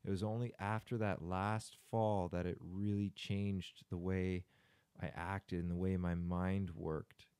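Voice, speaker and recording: A young man as a podcast guest in casual chat, speaking candidly and reflectively, sometimes halting. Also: low voice, level tone, darkish tone, clean tone.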